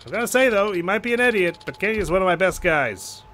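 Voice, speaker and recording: A man's voice: high-pitched, lively intonation, fast, sharp tone, slight background noise, voice pushed up. A man voicing a brash, chatty young male club manager in a game playthrough.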